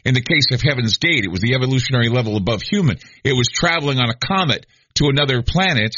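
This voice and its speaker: A man in middle age hosting late-night radio with a husky, bright edge to his voice and a lively, swooping delivery. He rambles and restarts as he talks, and the sound is close and dry, a little dull in the top end. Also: mid-range voice, fast, no echo. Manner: rambling, conversational, many restarts and fillers. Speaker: radio talk show host.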